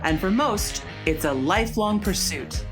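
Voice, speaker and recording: A woman's voice: medium pitch, animated, unhurried. Polished woman announcer over guitar music. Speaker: podcast announcer. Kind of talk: scripted show intro.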